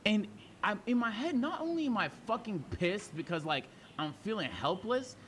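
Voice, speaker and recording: Animated, high-voiced young man telling a story. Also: normal speed, slight background noise. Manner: animated, profane, talks to chat, acts out his side quietly. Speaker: streamer. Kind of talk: storytelling to a live chat.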